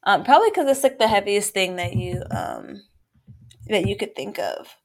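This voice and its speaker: A woman co-hosting a podcast in casual chat, measured and reflective, drawing out her phrases. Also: medium pitch, sing-song. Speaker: podcast co-host.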